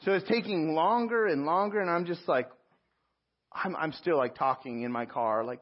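A man preaching a sermon, telling a personal story with animated asides and self-mocking laughs. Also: a little high, normal speed, highs cut off. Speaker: pastor.

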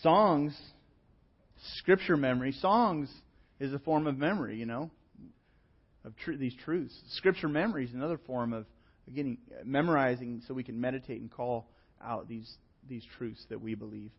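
A man preaching a sermon as pastor, telling stories in a relaxed, conversational way with plenty of fillers. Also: medium pitch, normal speed, husky, highs cut off.

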